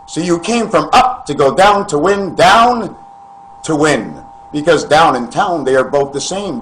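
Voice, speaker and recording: On a rough recording with a bit of hiss or hum, this man speaks unhurriedly in a high, fairly bright voice with lively intonation. He's a vlogger preaching a meandering spiritual talk to camera, full of rhetorical questions and addressing his audience as friends.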